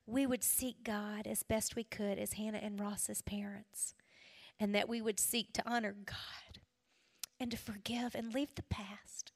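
A middle-aged woman giving a personal testimony sermon to a women's gathering, telling her story earnestly and dropping to a hush for emphasis. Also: a little high. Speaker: women's ministry speaker. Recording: long hall reverb.

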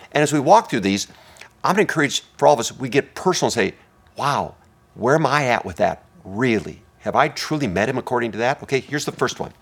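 A man preaching a sermon as pastor, swinging between hushed, intimate lines and loud, emphatic ones. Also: medium pitch, vocal fry, slightly rough.

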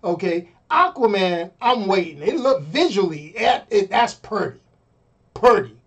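A man's voice: sits high, a little slow, lo-fi sound. Exasperated middle-aged man ranting live. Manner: animated, exasperated, repeats himself. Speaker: streamer. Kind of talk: casual live-stream rant.

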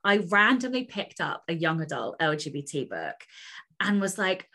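A woman's voice: on the low side, sing-song, moderate pace, sharp tone. Chatty, enthusiastic woman author. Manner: enthusiastic, chatty, many fillers. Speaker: author, interview guest. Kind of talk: casual interview conversation.

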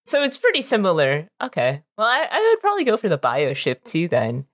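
A woman's voice: on the low side, wildly swooping pitch, a little fast. A woman co-hosting a podcast, chatting playfully with a teasing tone and many fillers. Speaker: podcast co-host. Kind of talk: casual chat.

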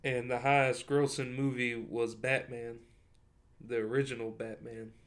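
A man's voice: mid-range voice, little pitch movement, unhurried. A man in his thirties co-hosting a podcast, laid-back, reading items aloud and chatting. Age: 30s. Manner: laid-back, reads items out to the other host. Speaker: podcast co-host. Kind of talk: casual chat.

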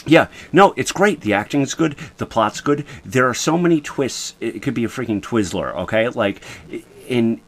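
Animated guy chatting. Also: mid-range voice, normal speed, few pauses. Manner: animated, laughing, rambling. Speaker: podcast co-host. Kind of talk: casual chat.

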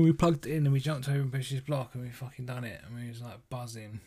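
A man's voice: medium pitch, little pitch movement, quick pace, mellow, dry recording. A young man, a tired podcast host rambling casually and swearing as he answers listener questions. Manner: rambling, sweary, laid-back. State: yawning, tired. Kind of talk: casual solo podcast chat.

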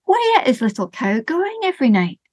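A woman's voice: sits high, big pitch swings, normal speed, breathy edge, no echo, pitched above the performer's own voice, exaggerated voice. A woman voicing a herd of curious big cows in a told folk tale, half-whispered and wondering.

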